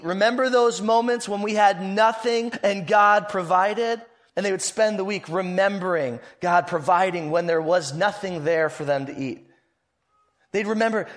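A man preaching a sermon, swinging from loud, rising appeals to soft, hushed lines. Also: high voice. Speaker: pastor.

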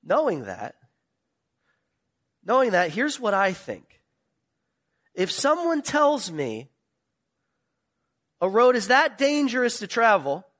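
A male pastor preaching a sermon, retelling a parable with animated storytelling and emphatic questions. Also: sits high.

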